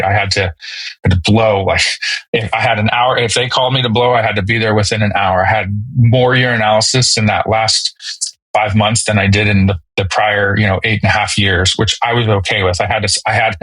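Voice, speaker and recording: A man, a military veteran guest on a podcast, telling his story in a casual, halting way with many fillers and restarts. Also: on the low side, steady tone, fairly bright tone, no room sound, low-quality recording. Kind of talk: candid personal storytelling.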